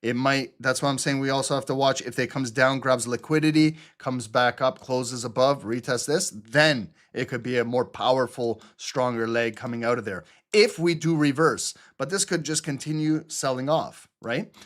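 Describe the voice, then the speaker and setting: A man's voice: medium pitch, fairly even intonation, normal speed, hardly any pauses, fairly bright tone. Man explaining chart trades live. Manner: explanatory, talks through chart drawings. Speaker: trading channel host. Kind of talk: live market analysis commentary.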